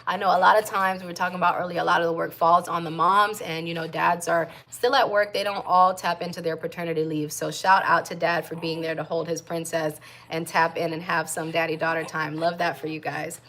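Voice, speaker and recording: A young American woman and mom chatting casually on a livestream, reading viewer comments and giving shout-outs to other moms. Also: on the low side, level tone, brisk, few pauses, a little hiss or hum. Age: young adult. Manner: warm chatty shout-outs, coos baby talk to her infant.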